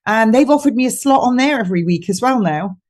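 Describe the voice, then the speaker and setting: A woman's voice: fairly high pitch, lively intonation, quick pace, darkish tone. A woman talking on a podcast as a guest, chatty and mocking, laughing often as she tells stories. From United Kingdom. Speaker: guest nutritionist. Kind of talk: casual podcast chat.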